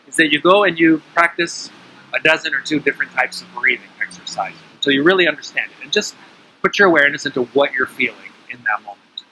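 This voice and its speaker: Man, breathing teacher, casual coaching delivery, sharply bright tone, slightly high pitch, faint background noise. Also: expressive, fast, poor audio. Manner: coaching, often checks in with "right?". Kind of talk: casual instructional talk.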